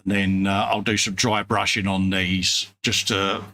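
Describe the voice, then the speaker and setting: A man's voice: sits low, little pitch movement, measured pace, sharp tone, dry recording. A man co-hosting a live stream, chatting casually while painting models, teasing his friend and reading out chat messages. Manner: laid-back, teasing, reads chat messages aloud. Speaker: co-host.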